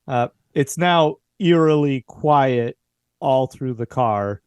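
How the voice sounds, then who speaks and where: A man's voice: medium pitch, takes it slowly, clear, resonant tone, no room sound. A man narrating a horror tabletop game as game master. His narration is loose and filler-heavy.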